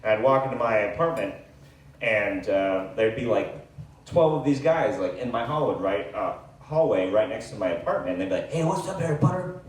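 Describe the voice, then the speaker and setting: Male stand-up comic, rambling self-deprecating storyteller, animated delivery, roomy echoey live sound. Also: fairly low pitch. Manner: self-deprecating, rambling with fillers and quick asides. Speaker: stand-up comedian. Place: comedy club stage. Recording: echoey room, distant mic, faint hiss.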